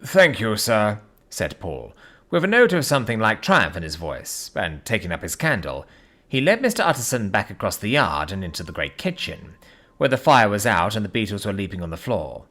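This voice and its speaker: Expressive male audiobook narrator. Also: fairly low pitch, fairly quick. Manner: dramatic, expressive reading. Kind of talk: scripted narration.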